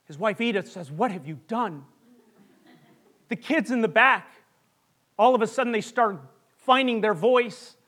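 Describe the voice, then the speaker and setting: A man preaching a sermon, telling a long joke story with dramatic pauses that drop to a hush. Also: extremely high pitch. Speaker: pastor.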